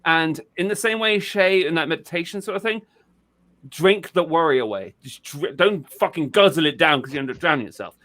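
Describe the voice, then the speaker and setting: A man's voice: a little high, expressive, fairly quick, pushed and bright. A man hosting a casual podcast chat. He swears freely, repeats himself and talks in a loose, informal way. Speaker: podcast host.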